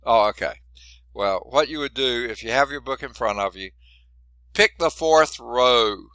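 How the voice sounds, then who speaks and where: A man's voice: mid-range voice, a little fast, a bit bright, clean tone, no room sound. A man teaching a math class in a folksy, chatty way, quizzing students and noting he is losing his voice. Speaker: math instructor. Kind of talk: classroom lecture.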